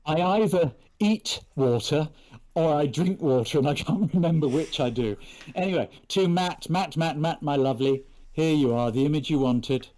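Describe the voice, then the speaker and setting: A man's voice: fairly high pitch, normal speed, mellow. A man from England chatting casually and playfully on a live stream while he signs prints for fans. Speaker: actor signing prints for fans.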